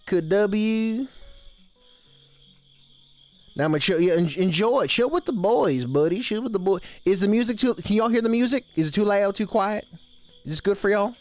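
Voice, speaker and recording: A man with a high voice chats with his live stream viewers in a folksy camp-counselor persona, drawling "y'all" at every turn. He talks in a home streaming room with a blanket hung behind him, and faint music plays underneath. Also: animated, normal speed, dry recording. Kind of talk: casual live-stream chat.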